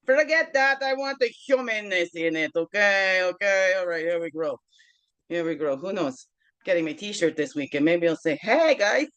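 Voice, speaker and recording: A woman's voice: fairly low pitch, moderate pace, fairly bright tone, smooth, rough recording. A woman with a Newfoundland accent hosting a casual self-care vlog, chatty and encouraging, often checking in with "okay?" and breaking into playful chuckles. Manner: playful, chuckles and sings along between thoughts. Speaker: host of a daily self-care guidance show. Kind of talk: casual motivational vlog talk.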